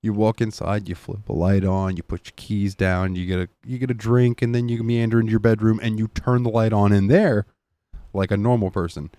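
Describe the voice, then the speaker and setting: A man co-hosting a podcast, telling stories in a casual, profane, animated way. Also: fairly low pitch, brisk, no room sound. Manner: animated, profane storytelling with laughs. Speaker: podcast co-host. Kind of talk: casual chat.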